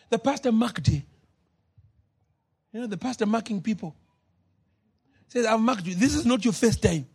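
A man preaching a sermon as pastor, moving between shouted, drawn-out lines and low, quiet asides. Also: expressive, gravelly, breathy edge.

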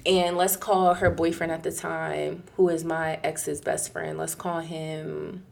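A young woman telling a casual story in an animated, profane way, acting out the people she quotes. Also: slow pace, gravelly. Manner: acts out quoted people in a higher, louder voice.

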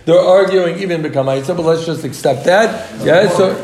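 A man with a high, light voice teaches a casual Talmud class, mixing joking banter with a rapid singsong study chant. The sound is roomy and echoey, like a classroom recording. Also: a little mellow. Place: classroom with students. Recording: echoey room.

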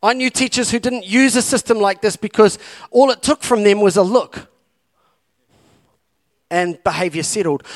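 A man preaching a sermon as campus pastor, urging his listeners on with impassioned, repeated calls. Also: high-pitched. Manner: impassioned, repetitive exhortation.

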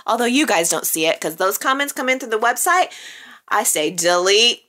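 Chatty and quick to laugh, this soap opera chat show host teases her viewers playfully in a casual way. She hails from the American Midwest and Texas, and her medium-pitched voice is sharp and fairly quick.

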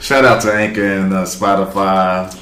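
A man's voice: low-pitched, steady tone, moderate pace, fairly bright tone, roomy sound, slight background noise. A man co-hosting a podcast in easygoing, slangy casual chat, laughing often. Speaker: podcast co-host.

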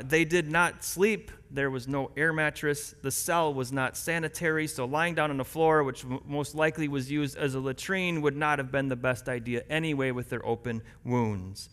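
A man's voice: on the high side, fairly bright tone. A man in his thirties preaching a sermon as pastor, telling the story vividly with asides to the congregation. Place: church. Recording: long reverb in a church hall.

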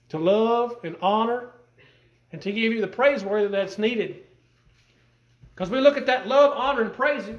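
A man preaching a sermon in a folksy, emphatic way, with rising bursts, to a church congregation. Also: sits high. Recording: echoey room.

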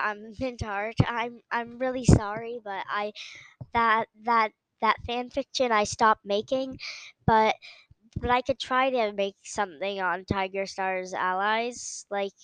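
A woman's voice: on the high side, fairly bright tone, no room sound, poor audio. A woman hosting a casual podcast who rambles, giggles and trails off with filler phrases. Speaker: podcast host.

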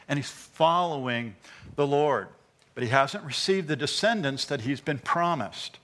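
A male pastor preaching an impassioned sermon in church, swinging between loud emphasis and hushed asides, with stammered repeats. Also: a little high.

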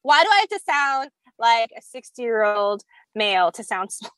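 A woman's voice: fairly high pitch, very animated, moderate pace, pushed and bright, clear, resonant tone, no echo. Young woman, podcast guest, girly valley-girl delivery, dry recording. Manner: valley girl talk, lots of "like" and "you know". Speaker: guest, skincare founder. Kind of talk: casual podcast interview.

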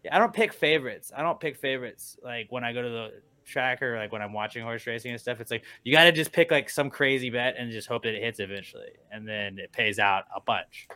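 A man hosting a casual podcast chat, telling animated stories, swearing freely and acting out quotes. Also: medium pitch, a little fast, hardly any pauses, no room sound. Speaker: radio morning show host.

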